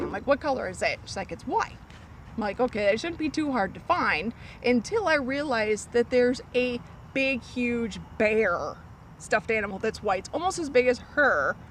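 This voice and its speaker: A woman tells a long story from her cleaning job in a lively, sing-song voice that swoops high and low. Her pitch sits a little high, and she slips into a squeaky child's voice for the girl's lines. Faint street noise runs underneath. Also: rough recording. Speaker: storyteller guest on a vlog. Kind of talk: casual storytelling.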